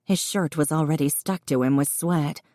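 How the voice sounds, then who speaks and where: Brief: female audiobook narrator, low pitch, measured, dry studio read. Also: dark tone, dry recording. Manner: measured storytelling. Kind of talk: scripted narration.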